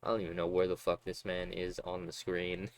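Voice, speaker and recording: A man with a fairly low voice on a casual game livestream. He reads the story out, then breaks off into crude, joking asides and laughs at his own stumbles. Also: completely flat delivery, brisk, gravelly, dry recording. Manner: joking and profane, laughs at himself. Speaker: streamer.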